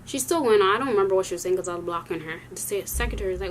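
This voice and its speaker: A woman's voice: medium pitch, rapid-fire, a little hiss or hum, low-quality recording. A young adult woman telling a story in a vlog, retelling the dialogue and acting out each side. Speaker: vlogger.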